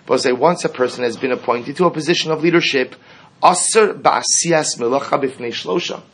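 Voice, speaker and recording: A man's voice: mid-range voice, normal speed, fairly bright tone, slightly rough. A man teaching a Talmud class, explaining each line and asking rhetorical questions as he goes.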